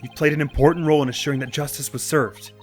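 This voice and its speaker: A man voicing a calm, level-headed adult defense lawyer in a game let's play, with a measured, reassuring tone. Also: a little high, faint music behind, close to an everyday voice. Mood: earnest.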